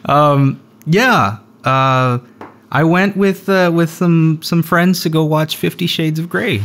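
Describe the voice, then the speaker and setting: A young man hosting a podcast, telling a story in a relaxed, rambling way with lots of fillers. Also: fairly high pitch, slow pace. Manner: rambling, laid-back storyteller with frequent fillers. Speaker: podcast host. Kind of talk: casual storytelling chat.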